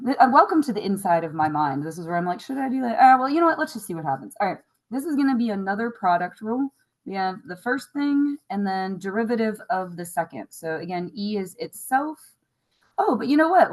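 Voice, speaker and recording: A woman teacher going over a math test on a recording, chatty and wry, thinking out loud as she works. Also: mid-range voice, rough recording. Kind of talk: recorded classroom lesson review.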